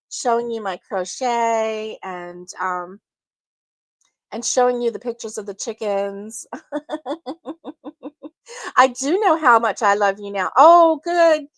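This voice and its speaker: A woman hosting a casual crochet livestream, chatting with viewers, giggling often and filling pauses with ums. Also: a little high, dry recording. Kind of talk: casual live chat with viewers.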